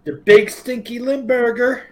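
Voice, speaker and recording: A man's voice: very high-pitched, fairly even intonation, measured pace, darkish tone. A man co-hosting a podcast, tossing crude joking remarks into casual chat. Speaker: podcast co-host.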